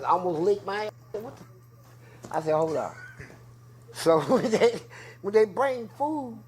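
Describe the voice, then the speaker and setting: A man in an interview telling prison stories in a loud, profane way, acting out voices. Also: slight background noise. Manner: profane, acts out voices with big pitch jumps. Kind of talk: animated storytelling.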